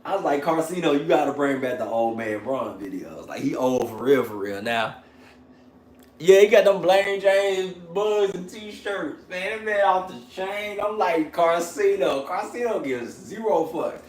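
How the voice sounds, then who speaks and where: A man hosting a livestream in casual chat, animated, slangy and profane, laughing often. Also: a little high, a little slow, reverberant, slight background noise. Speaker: channel host on a livestream.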